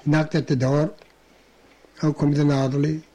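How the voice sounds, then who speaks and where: A man's voice: a little high, flat delivery, measured pace, dark tone. An older man, telling rambling anecdotes in an oral history interview, chuckling and restarting as he goes.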